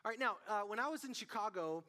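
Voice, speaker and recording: A man preaching to a student group as youth pastor, telling stories in an animated way and calling out to the room. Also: sits high, quick pace. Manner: animated storytelling, calls out to the audience. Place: church hall. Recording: long hall reverb.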